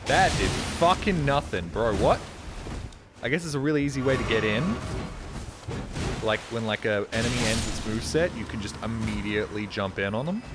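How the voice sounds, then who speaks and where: A man's voice: fairly low pitch, expressive, normal speed, over music. A man streaming a video game, talking casually in a rambling, profane, joking way. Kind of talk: casual live-stream gaming commentary.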